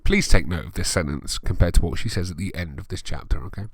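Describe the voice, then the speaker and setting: A man's voice: low voice, fast, hardly any pauses, slightly rough, no echo. A man reading a fan story aloud for an online video, breaking off for sarcastic, swearing asides. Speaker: YouTube reader. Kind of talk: comedic dramatic reading with commentary.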